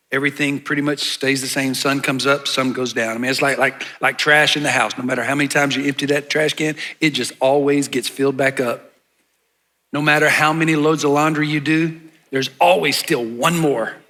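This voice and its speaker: A man's voice: fairly high pitch, bright, forceful tone. A man preaching a sermon as pastor, pushing his voice up on key words and dropping into casual asides.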